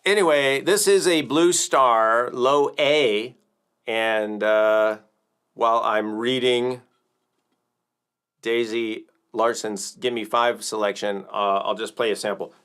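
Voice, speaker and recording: A man's voice: medium pitch, steady tone, slow pace, a bit bright, clear, resonant tone. An American man hosting a casual music livestream, rambling and joking, with plenty of fillers and restarts. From United States. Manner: rambling, joking, with many fillers and self-corrections. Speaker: livestream host and drum teacher.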